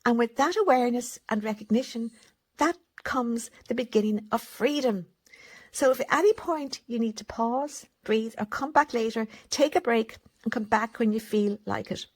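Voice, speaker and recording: A woman speaks gently to her viewers at home, slowing down on purpose and leaving pauses between her points. Her voice sits a little higher than most women's. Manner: deliberately slow, pausing between comments. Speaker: self-help channel host. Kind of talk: gentle talk to camera on childhood healing.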